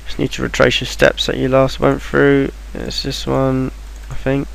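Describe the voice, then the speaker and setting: A gravelly, medium-pitched man speaks a little slowly and in a monotone as he narrates a casual game walkthrough. It's rambling and offhand with frequent ums and restarts; he makes game guides, and the recording is low quality.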